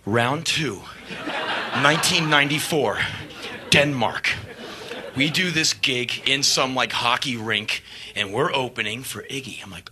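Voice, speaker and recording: A man, a touring rock musician, telling a backstage anecdote with animated, profane energy, acting out scenes. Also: mid-range voice, measured pace, pauses often, noisy background. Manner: animated, swearing, acts out scenes, bursts of laughter and shouts. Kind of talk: storytelling anecdote.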